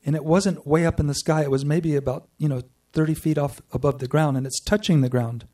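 Guy telling his story to a room, kinda high mellow voice, picked up from a ways off. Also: steady tone, recorded from a distance. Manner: earnest storytelling with pauses and restarts. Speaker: speaker sharing a personal spiritual story. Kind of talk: personal testimony to a group.

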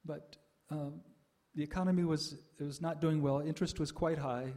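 Older guy telling his life story, warm mellow voice, kinda pausey with lots of uh's. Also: fairly high pitch, steady tone. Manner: reflective, with frequent "uh" pauses and soft laughs. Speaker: speaker sharing a spiritual life story. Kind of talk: personal testimony talk.

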